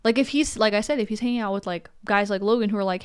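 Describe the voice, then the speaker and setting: Chatty young woman with a smooth voice. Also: medium pitch, fast. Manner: chatty, many fillers like "like" and "you know". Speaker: podcast guest. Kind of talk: casual podcast debate.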